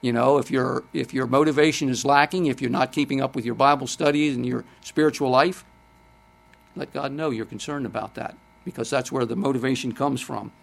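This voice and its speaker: A man's voice: mid-range voice, steady tone, brisk, creaky. An older man preaching a sermon, speaking conversationally, quoting scripture and putting questions to the congregation.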